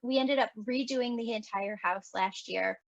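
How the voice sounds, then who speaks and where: A podcast host who is also a medium chats casually, telling a story animatedly and acting out quoted dialogue with laughs. Her voice is a little high, a little slow and creaky, in a muffled recording with no room sound.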